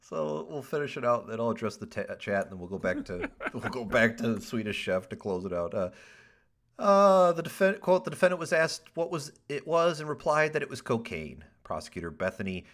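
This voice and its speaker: On his casual podcast, a man with a medium-pitched voice talks a little fast as he reads odd news items aloud. He's animated, throwing in ad-libbed jokes and swearing, and laughs often.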